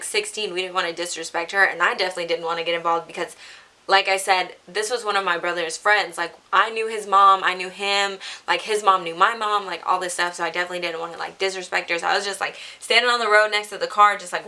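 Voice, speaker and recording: Young woman rambling through a storytime, bright voice, lots of likes. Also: mid-range voice. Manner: chatty, says "like" constantly, laughs while telling. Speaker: vlogger. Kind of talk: casual storytime.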